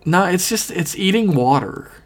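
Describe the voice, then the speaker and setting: A man's voice: high-pitched, lively intonation, moderate pace, noisy background. Dry sarcastic man with a Philly accent. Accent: Philadelphia. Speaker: podcast co-host. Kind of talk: casual podcast chat.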